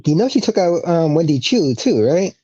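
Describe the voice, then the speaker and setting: Mellow-voiced podcast co-host, dull recording. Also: medium pitch, big pitch swings, moderate pace. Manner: chatty, swears casually. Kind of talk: casual wrestling recap chat.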